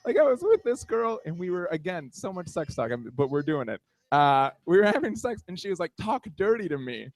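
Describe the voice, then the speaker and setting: A man's voice: sits high, very animated, a little fast, few pauses, darkish tone, no echo. A man in his twenties doing a stand-up comedy set on a small bar stage, self-deprecating and riffing on the room around him. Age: 20s.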